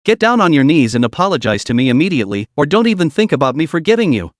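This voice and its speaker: A spoiled young woman snaps shrill, haughty commands in an animated, lively voice, as a male narrator puts her on. The reading is dry and close, with no room sound around it. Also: fast, no echo. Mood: haughty, indignant.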